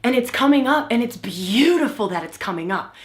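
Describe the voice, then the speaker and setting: A woman's voice: a little high, animated, brisk. Emphatic woman teaching in an echoey room. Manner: emphatic, asks "right?" often, acts out the voices she describes. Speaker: women's coach hosting a live session. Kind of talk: spiritual teaching talk to a live online audience.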